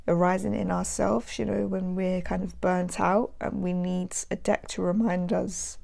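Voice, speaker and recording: A woman's voice: fairly low pitch, little pitch movement, moderate pace, vocal fry, hardly any pauses, darkish tone. A young adult woman hosting a casual tarot vlog. She sounds nasal from hay fever and chats in a rambling way with lots of fillers. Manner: rambling, chatty, many fillers. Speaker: tarot channel host.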